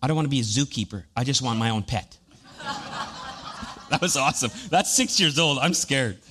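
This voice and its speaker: A man in his thirties delivers a sermon as a pastor, spinning homey personal anecdotes in a chatty, self-mocking way. His pitch sits in an ordinary middle range. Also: lively intonation, moderate pace, bright, forceful tone, husky. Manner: chatty, storytelling, self-deprecating humor.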